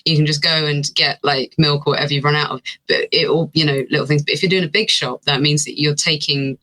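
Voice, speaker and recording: A British guest on a podcast with a bright, forward voice, musing and wandering through their answers with some self-mockery. The tone sits in an ordinary middle pitch and the talk stays easygoing and chatty. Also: steady tone, fast, poor audio. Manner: thoughtful, rambling, self-deprecating. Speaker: guest actor. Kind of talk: casual interview chat. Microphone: remote call.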